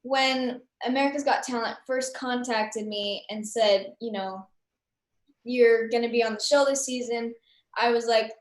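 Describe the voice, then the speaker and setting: Young woman, interview guest, high voice, chatty storyteller, echoey room. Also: a little slow. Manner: chatty, animated, with many fillers.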